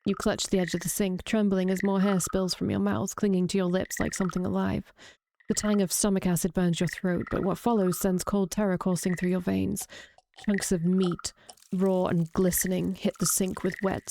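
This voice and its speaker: A woman reading a horror visual novel aloud, drawing out the grisly parts slowly with brief reactions. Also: lowish voice, level tone, noisy background. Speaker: streamer reading a game aloud.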